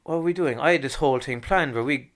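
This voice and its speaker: A man's voice: medium pitch, fast. A man around forty telling stories in a casual chat, swearing freely and acting out what people said. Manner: swears freely, animated, acts out quotes. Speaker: guest.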